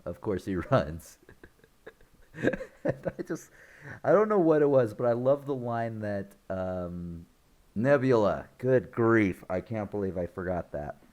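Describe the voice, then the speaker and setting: Man, online film reviewer, casual spoiler recap, slow delivery, frequent chuckles, rambling. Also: on the low side, animated, a little mellow. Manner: chuckles often while retelling scenes; rambling, loose retelling with restarts.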